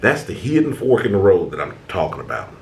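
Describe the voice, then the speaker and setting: A man talks straight to his viewers in a loose, conversational way. His pitch swings up and down a lot as he acts out what they might be thinking, and he often doubles back on his words. The room around him has a noticeable echo. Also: big pitch swings, fairly quick, vocal fry, a little hiss or hum. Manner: conversational, acts out inner thoughts, repeats words. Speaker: self-help video host. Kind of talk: casual motivational talk to camera. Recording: echoey room.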